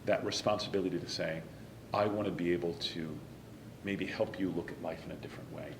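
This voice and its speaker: A man, a stage actor, talking in an interview in an earnest, emotional way and dropping to a soft whisper at times. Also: sits low, fairly even intonation, a little fast, reverberant, noisy background. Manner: earnest and emotional, some lines softly whispered. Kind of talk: reflective interview talk.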